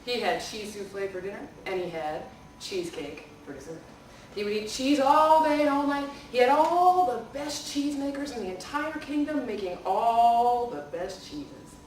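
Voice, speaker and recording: Animated library storyteller, woman, reading a folktale to kids; echoey room, voice distant. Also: a little high, normal speed, slight background noise. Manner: animated, asks the audience questions. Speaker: children's storyteller. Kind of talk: storytelling to children.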